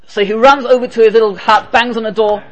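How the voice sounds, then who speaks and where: Guy with a highish voice giving a torah shiur, lively storyteller, drops hebrew and yiddish words. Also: fast, muffled recording. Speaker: Torah teacher. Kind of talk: spoken Torah class.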